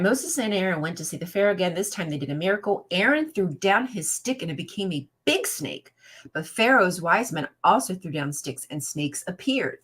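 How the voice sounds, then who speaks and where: A woman with a husky, slightly low voice streams from home, reading a children's Bible storybook to her chat. She keeps breaking away into sassy, profane commentary before picking the story back up. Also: a bit bright. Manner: sassy, profane asides, laughs at her own jokes. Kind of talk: casual reading with rant commentary to live chat.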